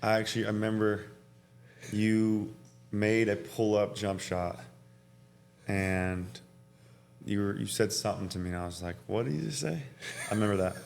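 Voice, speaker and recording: A young man with a fairly low voice chats as a guest. He speaks easily and agreeably, filling his answers with "yeah" and "like", over a faint hum. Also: little pitch movement, normal speed, pauses often, darkish tone. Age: young adult. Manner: easygoing, agreeable, lots of "yeah" and "like". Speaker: college basketball player, guest. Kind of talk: casual interview chat.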